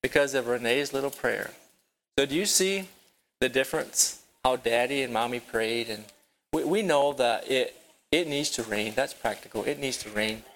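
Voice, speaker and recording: A man teaching a children's Bible lesson at a rural property with a barn. He tells the story haltingly, repeats his words and asks the children questions. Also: medium pitch, a bit bright, a little hiss or hum, poor audio.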